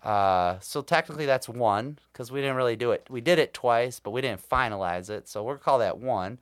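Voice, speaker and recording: A man, co-hosting a casual podcast. He tells stories bluntly and swears freely, at an everyday middle pitch. The sound is dry and close. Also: moderate pace, dry recording. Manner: blunt and profane, storytelling. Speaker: podcast co-host. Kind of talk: casual chat.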